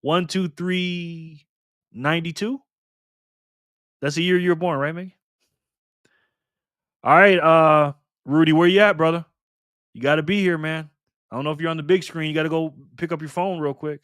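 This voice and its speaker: A man hosts a casual live stream, chatting upbeat with viewers and calling out their names. His voice sits fairly high for a man. The sound is dry and close. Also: steady tone, fairly quick, long pauses, fairly bright tone, smooth, no room sound. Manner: upbeat, greets viewers by name.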